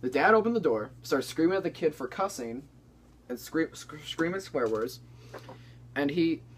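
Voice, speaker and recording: A man's voice: fairly high pitch, lively intonation, normal speed, slight background noise. A young man hosting a comedy chat, telling a story in a rambling, casual way with lots of restarts. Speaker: comedy channel co-host.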